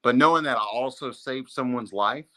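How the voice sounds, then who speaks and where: A man's voice: medium pitch, moderate pace, bright, forceful tone. A man, a podcast guest, earnestly telling a personal story in casual speech, peppered with "dude" and "man". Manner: earnest, says "dude" and "man" often, chokes up at times. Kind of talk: emotional storytelling in a podcast conversation.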